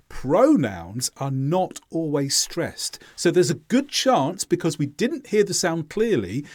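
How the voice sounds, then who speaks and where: A man leads a scripted lesson, speaking clearly and deliberately as he demonstrates pronunciation. His fairly high voice rises and falls in lively swings. The sound is close and dry. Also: no room sound. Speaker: English teacher.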